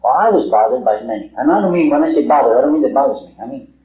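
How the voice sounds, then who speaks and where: A middle-aged man speaks very fast in a mid-range voice with lively intonation, giving an earnest talk to a small group in a meeting hall. He asks rhetorical questions and repeats himself. The echoey hall comes through on dull 1950s tape.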